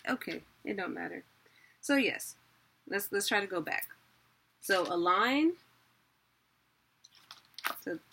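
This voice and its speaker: Woman teacher, casual self-correcting delivery, unhurried, bright timbre. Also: mid-range voice, slightly rough. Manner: chatty, self-correcting, laughs at own mistakes. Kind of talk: casual video lesson.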